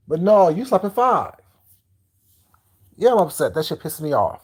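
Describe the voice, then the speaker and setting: A man with a fairly high voice ranting on a live stream. He talks to his chat bluntly and heatedly, swearing freely as he goes. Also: very animated, a little fast, darkish tone, breathy edge.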